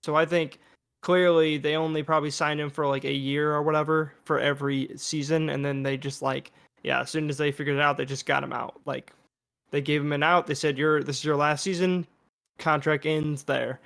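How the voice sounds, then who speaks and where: Higher-voiced man, hesitant podcast co-host. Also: little pitch movement, a little fast, vocal fry, a bit bright, clear, resonant tone. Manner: hesitant, filler-heavy, restarts. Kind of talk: casual podcast chat.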